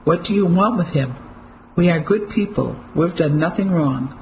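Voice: mid-range voice, normal speed, a little mellow, a little hiss or hum, close to an everyday voice, poor audio. A reader voicing a frightened, defiant Englishwoman. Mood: alarmed.

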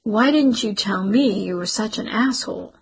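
A woman voicing Cece, an anxious, sharp-tongued young woman, in a shrill, biting voice. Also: very animated, slow pace, heavily acted. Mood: bitter.

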